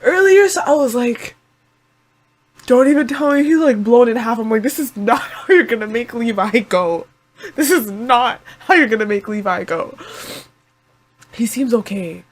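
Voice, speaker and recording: A woman's voice: fairly high pitch, animated, moderate pace. A woman hosting an anime reaction video, talking in an emotional, panicky and rambling way with many exclamations. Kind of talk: live reaction commentary.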